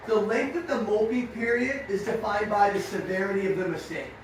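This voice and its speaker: High-voiced coach guy pumping up young riders, big echo, mic far off. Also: brisk, slight background noise. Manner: energetic, storytelling, acts out dialogue. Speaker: riding coach. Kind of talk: motivational talk to young riders. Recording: echoey room, far from mic.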